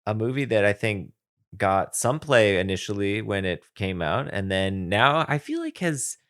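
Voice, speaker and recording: A man co-hosting a podcast in casual chat, often pausing and restarting his sentences. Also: lowish voice, animated, a bit bright. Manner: halting, lots of ums and restarts. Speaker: podcast co-host.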